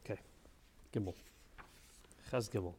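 A man's voice: fairly low pitch, measured pace, darkish tone, breathy edge, big-room sound. A man teaching a casual study session, thinking aloud and asking questions, with Hebrew terms mixed into his English.

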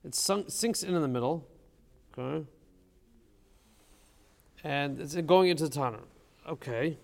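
A man's voice: a little high, a little slow, creaky, long pauses, big-room sound. A man teaching a casual study session, thinking aloud and asking questions, with Hebrew terms mixed into his English.

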